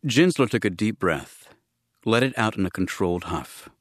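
A man narrating a novel in a steady, even storytelling manner as a scripted audiobook reading. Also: on the low side, normal speed, breathy edge, no echo, clean studio sound.

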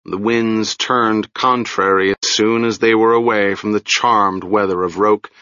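A man narrating a fantasy novel in a measured, deliberate way. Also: fairly low pitch, steady tone, sharp tone, no echo, lo-fi sound. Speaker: audiobook narrator.

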